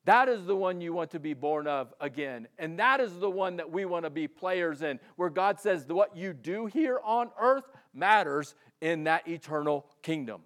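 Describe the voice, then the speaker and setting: A man with a notably high voice delivers a sermon to his church. His preaching is loose and chatty, and he slips into character voices to act out the stories he tells. He sounds like a pastor talking straight to his congregation. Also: animated, moderate pace, few pauses, fairly bright tone. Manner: conversational preaching, acts out quoted voices.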